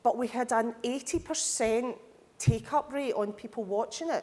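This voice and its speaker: A woman speaking to a live audience at a conference, lively and candid, with humorous asides. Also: on the high side, moderate pace. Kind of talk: conference talk. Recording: hall reverb.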